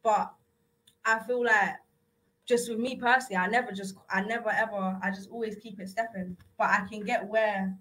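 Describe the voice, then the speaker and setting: A woman's voice: mid-range voice, steady tone, moderate pace, fairly bright tone, low-quality recording. A young woman, a radio guest chatting casually and rambling with lots of filler words. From South-East England. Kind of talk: casual chat. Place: radio studio.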